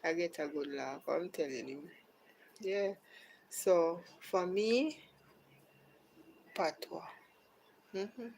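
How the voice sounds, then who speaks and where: A Jamaican woman talks through a live podcast in a relaxed, casual way, taking her time over each phrase. Her voice sits a little low, and now and then she drops to a soft near-whisper. A faint hiss sits under the recording. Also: slow, creaky, pauses often, rough recording. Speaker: podcast host.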